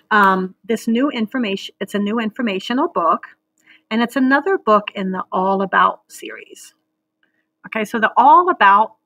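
A woman teacher reads a children's book aloud for an online class, slow and patient, drawing out words syllable by syllable. Her voice is medium in pitch with a gravelly, slightly husky edge. The sound is close and dry, with no room echo. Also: sharp tone. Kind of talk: read-aloud reading lesson for children.

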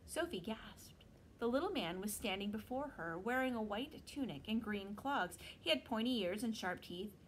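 A woman teacher reading a novel aloud to students in an expressive storytelling manner. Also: medium pitch, moderate pace, slight background noise, poor audio.

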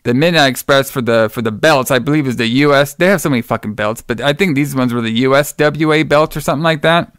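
Male podcast host, smooth clear voice, dry close sound, loose rambling chat full of swearing. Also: medium pitch, fast talker, few pauses, a bit bright, no room sound. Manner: rambling, laughing, swears freely.

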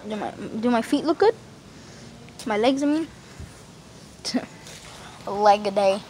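A woman's voice: medium pitch, animated, slow, a little mellow, rough recording. A woman vlogging casually outdoors into a phone camera, rambling with slang and lots of fillers. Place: outdoors in a yard near a road. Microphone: phone camera held facing self. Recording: outdoor phone recording with traffic noise. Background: street traffic and outdoor ambience.

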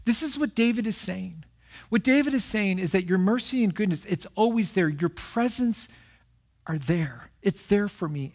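A middle-aged male pastor giving a conversational, earnest sermon that turns emotional during personal stories. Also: high voice.

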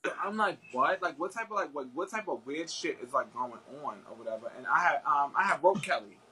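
A man with a bright, somewhat high voice talks as a guest, rambling through a story with a lot of fillers and restarts. There is a faint hum of ambience behind him. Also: expressive, fairly quick, rough recording. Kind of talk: casual chat.

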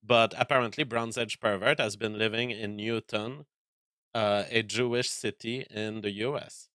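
A man hosting a commentary show, speaking deliberately with frequent hesitations and fillers. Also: lowish voice, fairly even intonation, sharp tone, no echo. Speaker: host.

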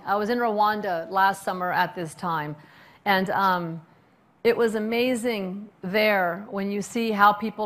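Chatty middle-aged woman telling stories. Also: medium pitch. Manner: animated, chatty, with many fillers and restarts. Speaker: restaurant owner and speaker. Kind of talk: storytelling public talk.

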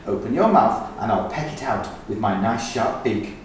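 A man voicing a helpful farmyard hen in a storybook, calm and plain. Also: lowish voice, moderate pace, a little hiss or hum, lightly acted. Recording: echoey room, distant mic.

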